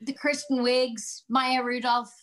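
A woman's voice: high voice, flat delivery, takes it slowly, a bit bright, poor audio. An Irish woman, an actress being interviewed, talking about comedy in an exuberant, chatty way and telling a long joke. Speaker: guest actress. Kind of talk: casual interview chat.

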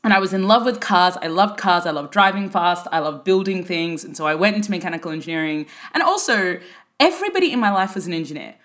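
A woman's voice: lowish voice, fast talker. Chatty young woman telling her story. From Sudan. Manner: lively, full of "like" fillers, acts out quoted voices. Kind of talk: casual storytelling.

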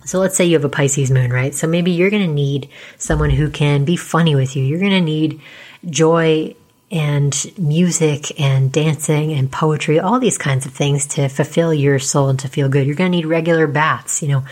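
A woman astrologer in casual explanatory talk, chatty with lots of fillers and tag questions, speaking quietly as she starts to lose her voice. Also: low-pitched, moderate pace. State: losing her voice.

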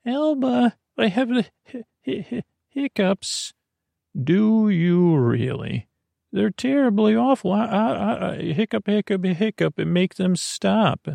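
A man's voice: high voice, expressive, slow, creaky, darkish tone, no echo, voice pushed up, full character voice. A man voicing a dreamy little female fairy who keeps hiccuping and stammering in a bedtime story. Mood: whiny.

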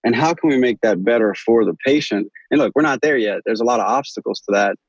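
A man's voice: mid-range voice, quick pace, husky, no room sound. A man, an orthopedic surgeon answering interview questions in an earnest, rambling way with frequent restarts. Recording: dry, dull lo-fi sound.

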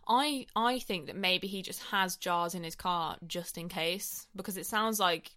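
A woman's voice: fairly low pitch, pushed and bright. A woman co-hosting a podcast, giggly and playful in casual chat. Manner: giggly, playful, quick to laugh. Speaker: podcast co-host.

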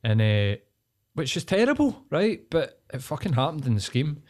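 A man's voice: fairly high pitch, very animated, normal speed, darkish tone. A man hosting a podcast, talking bluntly and swearing a lot as he rants in casual chat. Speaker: podcast host.

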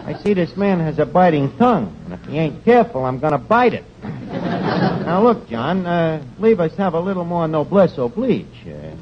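A boastful, word-mangling New tavern boss in a 1940s radio comedy, his voice high and bouncing all over. The broadcast sound is dull and heavily hissy. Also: big pitch swings, moderate pace. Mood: cheeky. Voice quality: malapropisms, wisecracking. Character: brash, pompous male tavern manager who mangles big words. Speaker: tavern manager.

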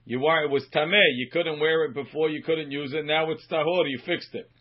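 A man teaching a Talmud class as a rabbi, reading Aramaic phrases slowly and then explaining them in quick English. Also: a little high, steady tone. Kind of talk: Talmud study lesson reading and translating. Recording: muffled lo-fi recording.

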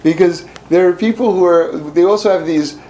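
Halting, mellow-voiced male teacher. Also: high-pitched, slight background noise, poor audio. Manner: halting, frequent restarts and fillers. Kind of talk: storytelling lesson.

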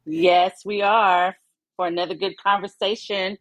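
A woman co-hosting a podcast who speaks in a soft-spoken, heartfelt way about herself. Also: medium pitch, fairly even intonation, a little slow, no room sound, rough recording. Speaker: podcast co-host. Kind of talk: casual podcast chat.

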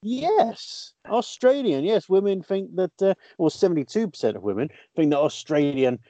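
A man's voice: a little high, animated, fairly quick, warm tone, no echo. A male radio presenter running a playful chat, quizzing his co-hosts.

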